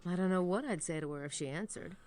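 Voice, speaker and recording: A woman's voice: lowish voice, fast, darkish tone, dry recording, faint music behind, natural voice. An actress voicing a sarcastic young woman investigator in a game, with a dry delivery. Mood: wry. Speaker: game character.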